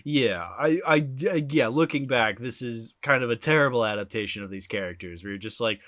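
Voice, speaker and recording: A young man hosts a podcast in a loose, animated chat, his voice sitting at an ordinary middle pitch. The recording is close and dry, with almost no room sound around him. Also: no room sound. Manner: chatty, animated, quick to laugh. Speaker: podcast host. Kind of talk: casual chat.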